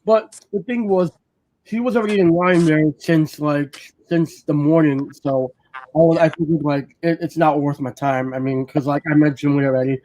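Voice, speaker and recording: Male co-host, fairly high voice, loose chatty delivery, lots of fillers. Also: fairly even intonation, normal speed, warm tone. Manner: rambling, many ums and restarts. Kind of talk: casual chat.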